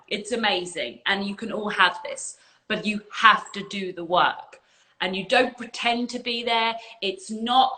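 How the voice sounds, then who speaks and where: A woman's voice: medium pitch, pushed and bright, low-quality recording. A woman spiritual coach giving an emphatic, earnest talk on a livestream and swearing casually at times. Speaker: spiritual coach and community leader.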